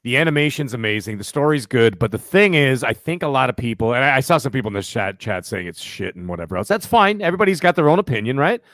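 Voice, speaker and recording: A man co-hosting a casual gaming podcast, animated and profane, often checking in with "right?". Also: medium pitch, fast talker, hardly any pauses, no echo. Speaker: podcast co-host. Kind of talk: casual chat.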